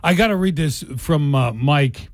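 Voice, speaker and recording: A man hosting a radio show, relaxed and reading out listener comments. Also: fairly high pitch, measured pace, no room sound, clean studio sound. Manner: relaxed, reads listener comments, laughs easily. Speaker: radio host. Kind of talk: casual radio banter.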